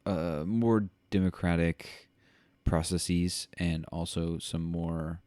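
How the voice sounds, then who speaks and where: A man's voice: sits low, steady tone, takes it slowly, darkish tone, dry recording. A man co-hosting a podcast, reading news aloud and commenting in a rambling way with many fillers. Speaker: podcast co-host.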